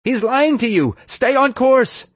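A man's voice: animated, a little slow, slightly rough, dry recording, heavily acted. A man voicing a fanatical teenage girl villain who screams her orders. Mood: shrieking fury. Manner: screaming, shrill.

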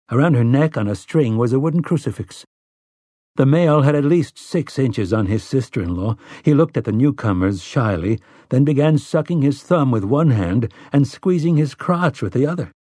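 A male audiobook narrator reads in a steady, measured storytelling manner. His voice sits in an ordinary middle range, and the recording is dry and close. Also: mid-range voice, slightly rough, no echo. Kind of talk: scripted narration.

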